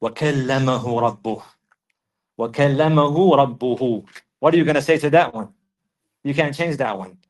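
A man giving a religious lesson, repeating key phrases for emphasis and reciting Arabic verses quickly. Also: medium pitch, rough recording. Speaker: Islamic teacher.

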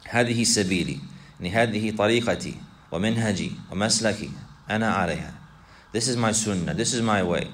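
Low-voiced man teaching a class. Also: rapid-fire. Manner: repetitive, asks students questions, mixes Arabic recitation. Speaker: Islamic teacher. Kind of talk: classroom lesson explaining a text.

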